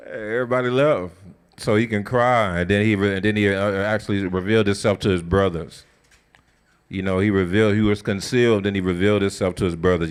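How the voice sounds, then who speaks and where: A man leading a scripture study, retelling the story in a colloquial, conversational and animated way. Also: on the low side, fast, smooth. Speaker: Bible study teacher. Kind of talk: casual sermon-style scripture teaching.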